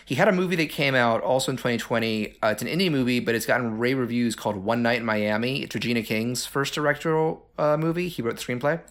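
A man's voice: medium pitch, fast talker, few pauses, fairly bright tone. A man co-hosting a casual podcast about movies. He talks in loose, rambling sentences full of "like" and "uh", circling back to restart his points. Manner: chatty, many fillers and restarts. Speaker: podcast co-host. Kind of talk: casual film discussion.

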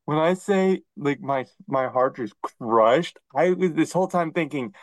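A man co-hosting a podcast, chatting casually and acting out quoted dialogue in an animated storytelling manner. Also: a little high, a little slow, dry recording, low-quality recording. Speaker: podcast co-host. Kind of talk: casual chat.

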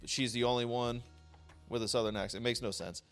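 A man in casual podcast chat, ranting with lots of swearing. His voice sits at an ordinary middle pitch but jumps up sharply when he gets worked up. Faint music plays underneath. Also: brisk. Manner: animated, profane ranting. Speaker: podcast co-host.

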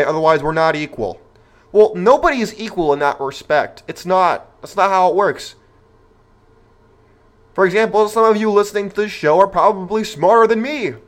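A man hosting a podcast talks in a high, slightly bright voice. It's an opinionated monologue aimed directly at his listeners, full of emphasis and rhetorical flourish.

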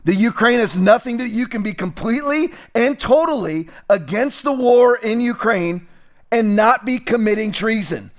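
A man's voice: extremely high pitch, expressive, moderate pace. A man hosting a political commentary show, talking emphatically and repeating phrases for stress.

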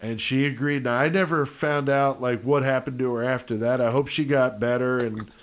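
A man's voice: mid-range voice, moderate pace. A man from Connecticut chatting on a podcast, spinning a long story and cursing freely. He acts out his own reactions in quoted lines. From Connecticut, USA. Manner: profane storyteller, animated when quoting himself. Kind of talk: casual chat.

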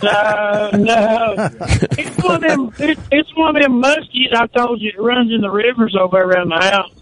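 Blustery high-pitched caller. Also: male voice, normal speed, noisy background. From North Carolina. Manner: profane, blustery, drawling. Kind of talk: phone-in storytelling.

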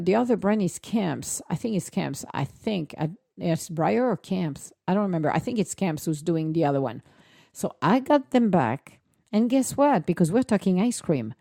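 A woman's voice: on the low side, creaky, warm tone, no room sound, clean studio sound. A woman chatting casually in a vlog, telling stories animatedly, with laughter and acted-out quotes. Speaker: vlogger, dog owner. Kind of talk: casual chat.

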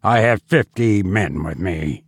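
A man's voice: deep voice, animated, a little slow, breathy edge, dry recording, studio quality, pitched below the performer's own voice, exaggerated voice. A man reading as a grim bearded soldier captain. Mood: grim, menacing. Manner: grim, coolly menacing.

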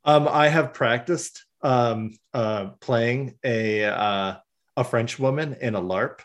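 A man chatting casually as a podcast co-host, recounting events with animated storytelling. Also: medium pitch, takes it slowly. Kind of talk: casual chat.

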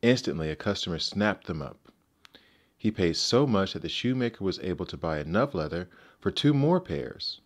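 A man narrating fairy tales aloud in a measured, gentle manner. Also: sits low, expressive. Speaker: storyteller. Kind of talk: storybook narration.

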